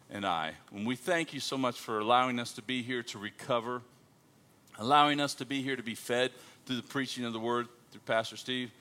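Preaching as a visiting missionary in a church sanctuary, this man starts his sermon with jokes and playful banter with the congregation. His voice is medium in pitch and sharp in tone.

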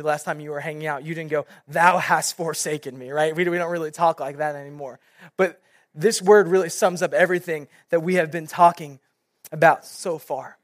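A young youth pastor with a slightly high voice preaches a sermon as animated storytelling, full of casual fillers. The recording is dry with clean studio sound.

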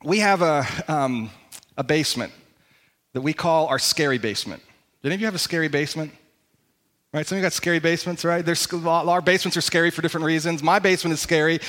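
A middle-aged man, a pastor, preaching a sermon in a church in a conversational, emphatic way with slow pauses on key words. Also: fairly high pitch, a bit bright. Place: church sanctuary.

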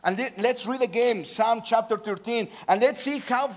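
A man, swinging between loud pleading and soft earnestness, often restarting and repeating words. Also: very high voice, moderate pace. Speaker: preacher. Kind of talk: sermon.

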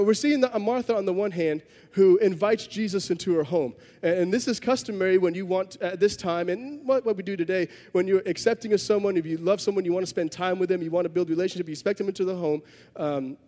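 A man's voice: high voice, brisk, mellow, big-room sound. A man preaching a sermon, telling a story in a conversational way with self-deprecating humor. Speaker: pastor.

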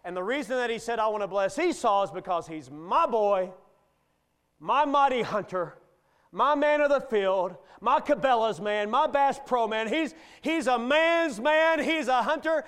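A man's voice: very high-pitched, expressive, a little slow, fairly bright tone, clean tone. A middle-aged male guest preacher delivering a sermon in a folksy, joking manner.

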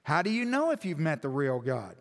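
A man's voice: fairly high pitch, sing-song, fairly quick. A male pastor preaching a sermon in a church hall, emphatic and full of rhetorical questions, with long hall reverb.

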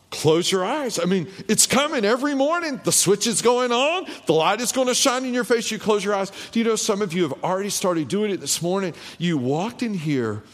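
A man preaching a sermon as the pastor, telling a childhood story and asking his congregation rhetorical questions. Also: high-pitched. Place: church hall. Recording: long hall reverb.

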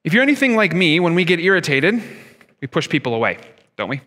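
A man's voice: a little high, big pitch swings, fast talker, bright, forceful tone. A man in his thirties preaching a sermon as pastor, talking conversationally and asking his listeners rhetorical questions. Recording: long hall reverb.

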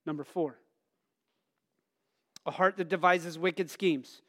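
A middle-aged man preaching a conversational sermon, asking the congregation questions and telling personal stories with bursts of loud emphasis. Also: fairly high pitch, fairly even intonation, takes it slowly. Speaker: pastor.

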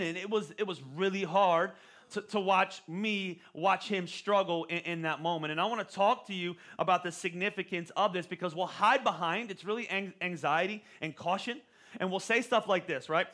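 A pastor in his forties delivers a sermon at normal speed in a relaxed, conversational style, frequently restarting phrases by repeating words. His voice is high for a man, bright and forward.

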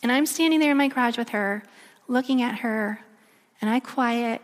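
A middle-aged woman preaching a sermon, telling a personal story in a chatty, lively way full of fillers. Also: a little high, moderate pace. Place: church hall. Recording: long reverb in a large hall.

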